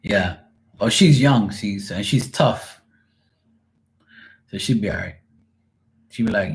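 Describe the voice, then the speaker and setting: A man's voice: fairly low pitch, takes it slowly, pauses often. A man who reads tarot, chatting on a livestream in a casual, profane way and laughing often. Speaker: tarot reader.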